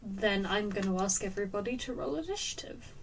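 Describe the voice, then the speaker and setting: A woman's voice: medium pitch, lively intonation, fairly quick, far from the mic, slight background noise. A woman running a tabletop game as dungeon master, joking and laughing easily.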